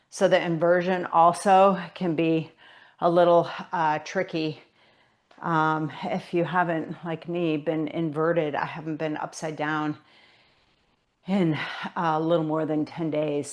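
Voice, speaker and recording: Slow, unhurried woman teaching pilates. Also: on the low side. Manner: counting reps while doing the moves. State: out of breath. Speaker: pilates instructor. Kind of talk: guided exercise class instruction.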